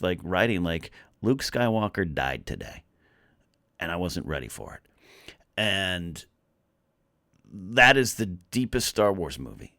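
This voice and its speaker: A man's voice: low-pitched, pushed and bright, dry recording, clean studio sound. A man on a podcast as a guest, talking casually and animatedly, rambling with lots of restarts. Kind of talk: casual chat.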